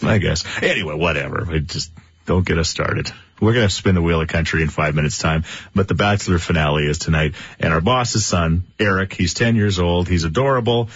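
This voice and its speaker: A man's voice: low-pitched, a little fast, husky, no room sound. A man hosting a morning radio show, chatty and joking, laughing often. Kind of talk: casual morning radio banter. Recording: dull lo-fi radio broadcast.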